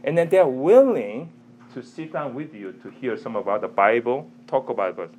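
A man teaching a church audience in a sermon style, animated, quizzing listeners, with broken, non-native-sounding phrasing. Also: mid-range voice, moderate pace.

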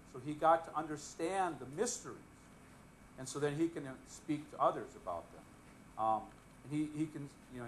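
A man's voice: on the high side, slight background noise, rough recording. Conversational male preacher teaching scripture. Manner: conversational, often asks the audience questions; relaxed and joking, chuckles while speaking. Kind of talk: casual Bible teaching.

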